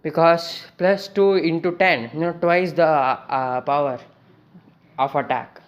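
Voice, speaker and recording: A man's voice: fairly high pitch, fairly even intonation, takes it slowly, muffled recording. A man casually retelling a fan story, rambling with many fillers and self-corrections.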